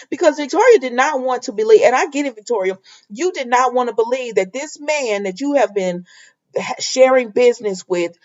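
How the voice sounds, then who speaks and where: A woman's voice: fairly high pitch, a little mellow, lo-fi sound. A woman chatting casually as a soap opera recap vlogger, talking straight to her viewers and the characters. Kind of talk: casual chat.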